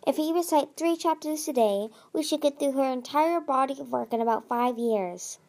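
Woman voicing an oily male dragon tutor, pompous, officious, fairly high voice, audiobook reading. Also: normal speed, darkish tone. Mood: smug.

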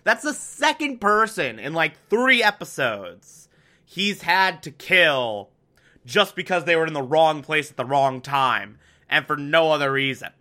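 Young man, casual show recap, slow deliberate talk, very bright sharp voice, wry. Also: fairly high pitch, expressive. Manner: chatty, filler-heavy, with wry sarcasm.

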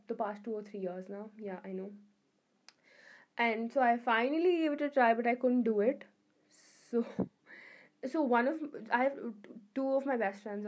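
Brief: young adult woman, slightly high voice, rambling and effusive vlogger chat. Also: a little mellow. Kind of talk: casual chat to camera.

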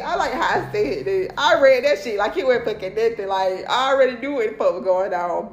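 A woman's voice: a little high, quick pace, hardly any pauses, reverberant, a little hiss or hum. A woman speaking in as the host of a livestream, giving profane motivational talk and repeating "period" and "okay".

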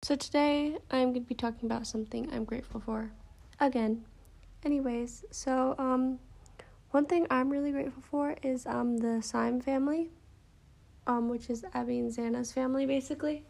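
A young woman talks on her personal podcast in a slightly high voice with a gravelly edge. She rambles, full of fillers and restarts. She is close to tears and her voice is strained with emotion. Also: fairly even intonation, darkish tone. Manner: halting, filler-heavy, tearful and emotional. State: holding back tears. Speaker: podcast host. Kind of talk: casual personal podcast monologue.

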